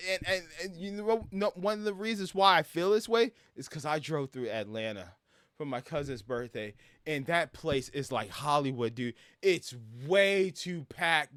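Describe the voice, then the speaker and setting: A man in his thirties from Brooklyn, telling stories in a casual, animated rant with lots of laughter and swearing over gameplay. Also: a little high, no room sound, studio quality. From Brooklyn, New York. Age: 30s. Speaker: gaming streamer.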